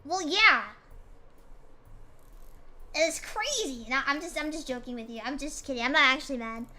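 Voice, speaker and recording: A woman's voice: high-pitched, normal speed, background noise. A woman streamer chatting casually with her viewers, complaining in a playful, mock-dramatic way.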